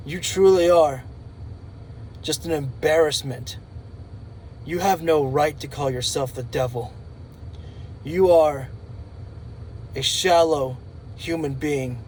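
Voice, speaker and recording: A man voicing a dark, menacing male wrestler who delivers slow, contemptuous insults to a rival. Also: on the high side, slight background noise, low-quality recording.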